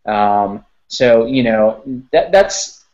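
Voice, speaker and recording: This man covers sports recruiting and chats casually on a podcast, restarting sentences and repeating words as he thinks. His medium-pitched voice is lively in intonation, very slow, and a little mellow, on lo-fi audio.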